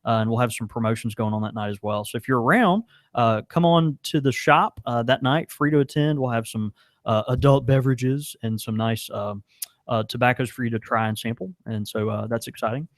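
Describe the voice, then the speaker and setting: A man's voice: mid-range voice, a little fast, no room sound. A man chatting as co-host on a podcast, laughing easily and restarting his sentences. His voice sits mid-range and sounds close and dry, with little room around it. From American South. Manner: laughs often, stumbles and restarts. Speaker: podcast co-host and pipe shop worker. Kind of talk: casual chat. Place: small pipe shop.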